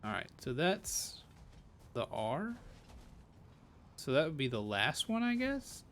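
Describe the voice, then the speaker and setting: A man streams a game and chats in a slow, unhurried way, trading jokes and rambling asides. His voice sits a bit high for a man, with a faint hiss under it. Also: big pitch swings, a bit bright. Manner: playful, joking, rambling asides. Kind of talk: casual live-stream commentary.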